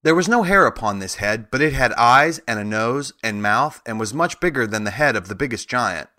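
Male narrator for a children's audiobook; bright tone, steady, measured delivery. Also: mid-range voice.

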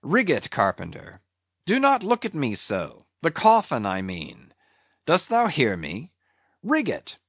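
Stern ship's mate barking orders, pitch jumping all over, a man putting him on, dull dry sound. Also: wildly swooping pitch, takes it slowly, breathy edge, dry recording, exaggerated voice. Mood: commanding. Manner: urgent, commanding, rising to sharp outbursts.

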